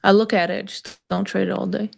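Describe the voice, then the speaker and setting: A woman's voice: medium pitch, little pitch movement, fairly quick, gravelly. A woman co-hosting a live trading stream, talking loosely with fillers and answering chat viewers in casual conversation.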